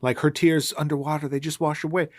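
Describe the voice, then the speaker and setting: A sarcastic man co-hosting a casual podcast, rambling through a movie recap with mock outrage. His voice sits a bit higher than most men's and sounds dry and close to the mic. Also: flat delivery, fast, no echo. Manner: sarcastic, ranting, puts on silly voices. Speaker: podcast co-host.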